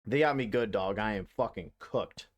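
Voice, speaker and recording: Speaking at a normal speed in a lowish voice, a man streams a video game from his home setup. He chats casually into a desk mic, rambling and cracking profane jokes as live-stream commentary.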